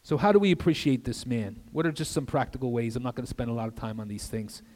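An older man preaching an earnest sermon as a guest pastor in a church, with conversational asides and soft drops for emphasis. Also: mid-range voice, quick pace. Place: church sanctuary. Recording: long reverb of a church hall.

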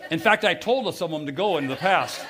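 A middle-aged American man preaching a sermon, telling stories with feeling and swinging from loud to hushed. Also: a little high, expressive, fairly quick, crowd noise, background noise. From United States. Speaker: pastor.

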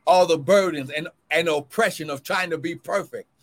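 Shouted cries of glory alternate with brief, quiet asides to viewers as a man, pastor and prophet, preaches his sermon over a livestream.

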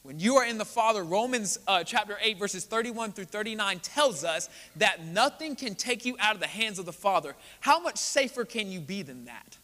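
A man's voice: sits high, expressive, normal speed, hardly any pauses, pushed and bright. A man preaching a sermon as pastor, earnest and building to emphatic delivery. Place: church sanctuary. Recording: church hall with long reverb.

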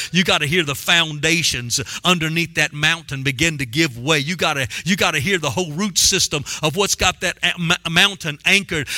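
Male preacher, high bright voice, emphatic call-and-response sermon delivery, dry close sound. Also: dry recording.

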